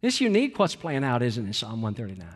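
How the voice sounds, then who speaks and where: A man's voice: medium pitch, huge pitch swings, fast talker, big-room sound. A man preaching a sermon as a pastor, emphatic, acting out quoted prayers with growing intensity.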